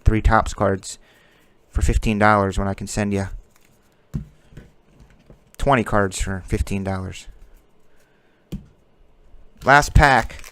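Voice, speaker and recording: A man's voice: on the low side, fairly bright tone, clear, resonant tone. A man hosting a card-breaking stream, chatting casually and joking as he calls out player names while opening packs.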